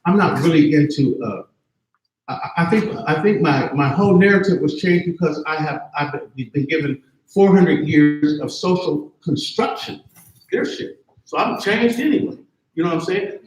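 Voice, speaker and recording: A man's voice: on the high side, expressive, moderate pace. Fired-up guy in his 50s sounding off at a campus panel, swears a lot, voice jumps all over, big echoey room. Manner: passionate, profane, keeps asking "you see what I'm saying". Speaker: audience member at a campus panel. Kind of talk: impassioned spoken comment. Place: campus event hall.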